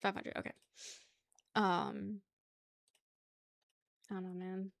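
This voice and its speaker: A woman's voice: mid-range voice, little pitch movement, slow pace, gravelly, dry recording, studio quality. A young woman from the New area, chatting casually on a stream, rambling, laughing often and reading chat aloud. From New York area.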